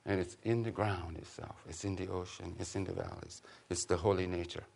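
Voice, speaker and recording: A man giving an informal public talk to an audience, an animated storyteller who jokes and urges his listeners with a preacher's insistence. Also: low-pitched, fairly quick, vocal fry. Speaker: author and teacher giving a talk.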